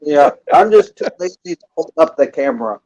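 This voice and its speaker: Laid-back swearing stream host, dry sound. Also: male voice, on the high side, expressive, a little fast, darkish tone, no echo, poor audio. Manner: laid-back, swears casually, laughs easily. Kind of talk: casual chat.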